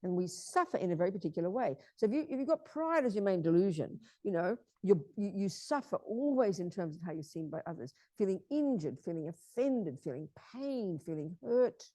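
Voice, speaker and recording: A woman's voice: medium pitch, very animated, brisk, few pauses, dark tone, no echo. A woman teaching Buddhism in an emphatic way, repeating key phrases and often asking her listeners if they understand.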